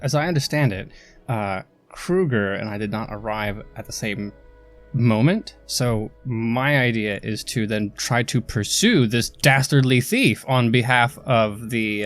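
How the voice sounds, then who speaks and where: A man playing in a tabletop roleplaying game, talking haltingly with restarts and fillers. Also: medium pitch, soft background music. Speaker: player.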